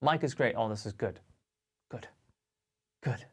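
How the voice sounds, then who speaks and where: Young guy on a guitar stream, chatty and upbeat, mid pitch voice, reading out chat. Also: a little slow, slightly rough. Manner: chatty and upbeat, greets viewers and reads chat aloud. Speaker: guitarist hosting a livestream. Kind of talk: casual live-stream chat.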